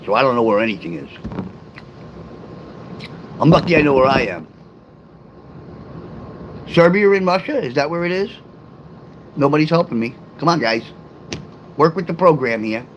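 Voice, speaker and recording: Middle-aged man, livestream host, loose rambling delivery, answers his chat out loud, faint hum underneath. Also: a little high, sing-song, normal speed, pauses often, rough recording. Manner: rambling, talks straight to chat viewers; reads and answers live comments aloud.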